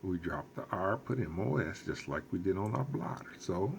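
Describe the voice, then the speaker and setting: A man teaching a recorded lesson as a Spanish teacher, explaining slowly and patiently with lots of repetition. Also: low-pitched, lively intonation, gravelly, slight background noise.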